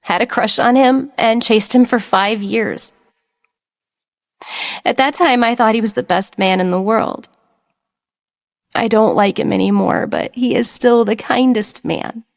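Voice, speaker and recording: A woman's voice: fairly high pitch, a little slow, gravelly, long pauses, pitched above the performer's own voice. A woman voicing a heartbroken young woman who pleads in a choked, trembling voice.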